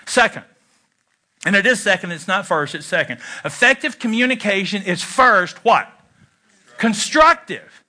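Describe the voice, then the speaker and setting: A man's voice: high-pitched, normal speed, pushed and bright. A middle-aged man preaching a sermon in a conversational way, with self-deprecating humor. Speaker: pastor.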